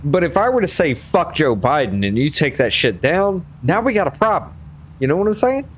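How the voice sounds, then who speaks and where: A tipsy man in casual conversation, his pitch swinging widely as he argues his point. He talks emphatically and swears freely. A faint hum sits under his voice. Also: sing-song, moderate pace. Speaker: host.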